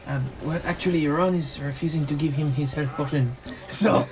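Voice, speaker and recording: A player speaking in character during a tabletop game, playful and quick to laugh. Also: medium pitch, rough recording. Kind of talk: tabletop role-play.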